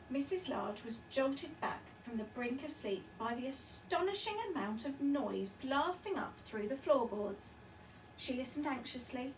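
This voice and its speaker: A woman teacher reading a picture book aloud with lively, expressive storytelling. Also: sits high, reverberant, far from the mic, a little hiss or hum, rough recording.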